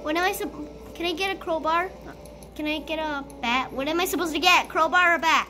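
A woman playing a school role-play game, talking excitedly through it and bursting into shrieks and giggles. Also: very high-pitched, fairly quick, a little hiss or hum. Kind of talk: playful gameplay commentary.

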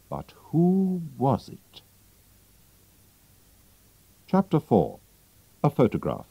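A man narrating a story in a clear, measured reading for English learners. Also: low voice, dark tone, no room sound, highs cut off.

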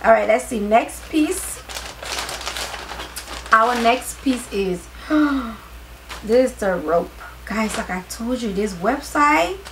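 A tired woman vlogger chatting casually to her viewers during a clothing haul, excitable, with her voice starting to crack. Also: fairly high pitch, slow, long pauses, noisy background. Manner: excitable, talks straight to viewers.

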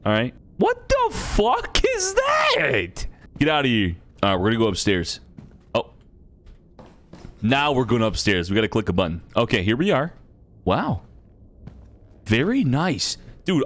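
A young man commentating casually as he plays a game, excitable, swearing freely and laughing often, reading game text aloud. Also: medium pitch, moderate pace, pauses often. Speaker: gaming streamer.

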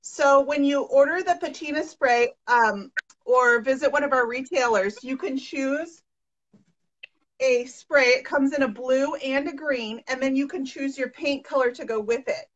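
A woman's voice: high voice, a little slow. A young woman hosting a casual live painting demo, enthusiastic and encouraging. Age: young adult. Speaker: host. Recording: dull lo-fi sound.

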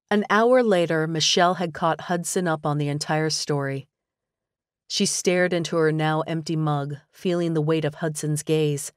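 A woman narrating a romance audiobook with measured, even pacing. Her voice sits low, and the recording is dry and close. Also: no echo. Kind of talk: scripted narration.

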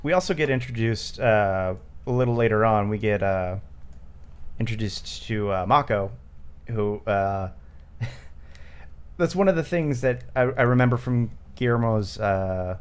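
A man's voice: lowish voice, animated, measured pace, clear, resonant tone. Man, podcast host, casual movie chat, rambling, lots of ums, laughs often.

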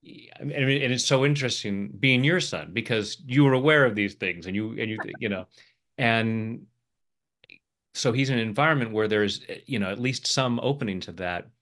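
A man's voice: mid-range voice, normal speed, a bit bright. A man hosting a casual interview who speaks hesitantly, restarting his sentences and letting them trail off. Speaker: host.

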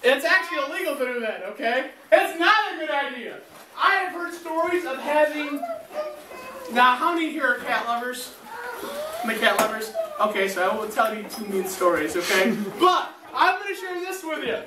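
Animated woman teaching children in echoey hall. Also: high voice, moderate pace, noisy background. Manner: animated, asks the children questions. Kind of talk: children's sermon storytelling. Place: large church hall. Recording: echoey hall, recorded from far off.

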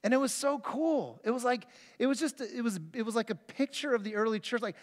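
Male pastor, high voice, earnest storytelling sermon, long church-hall reverb. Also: a little fast, few pauses. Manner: earnest, storytelling, frequent restarts. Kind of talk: conversational sermon with personal stories. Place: church sanctuary.

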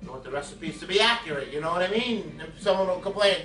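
High-voiced joking man in an echoey kitchen. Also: lively intonation, fast talker, sharp tone, distant mic. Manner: joking, rambling, crude banter with viewers. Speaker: home cooking video host. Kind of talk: casual cooking vlog. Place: home kitchen. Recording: echoey room, from the camera, faint music. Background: music playing in the home.

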